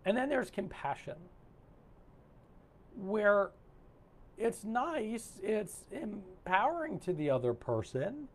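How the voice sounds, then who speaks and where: A man's voice: high voice, takes it slowly, long pauses. A man coaching and hosting a live online session over a video call, talking casually with lots of fillers and restarts. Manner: animated, warm-hearted, rambling with many fillers. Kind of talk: casual live-stream talk.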